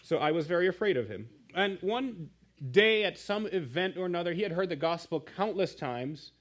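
A man preaching a sermon in church, telling a story with animated asides to the congregation. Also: high-pitched, moderate pace. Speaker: pastor.

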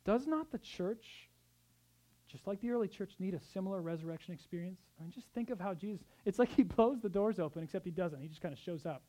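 A man preaching a sermon as pastor, swinging between soft, tender passages and loud, urgent exhortation, with conversational asides. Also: high voice, expressive, fairly quick. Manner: acts out quoted speech in conversational asides.

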